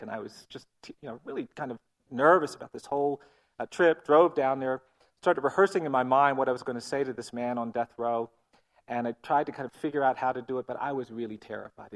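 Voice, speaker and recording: Man, mid-range pitch, gravelly texture; earnest, measured storyteller. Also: steady tone. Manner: earnest, measured, often quiet. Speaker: speaker telling a personal story. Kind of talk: storytelling talk.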